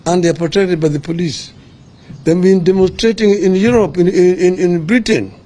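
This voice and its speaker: Older Kenyan man, mellow measured voice. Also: sits high. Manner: measured, deliberate delivery with restarts. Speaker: opposition leader at a press briefing. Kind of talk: press statement and answers.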